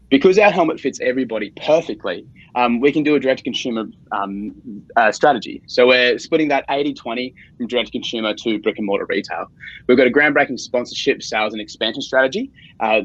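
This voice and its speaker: Upbeat Australian founder pitching over a call, husky voice, muffled sound. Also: male voice, dry recording. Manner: casual, upbeat, slangy. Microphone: video call.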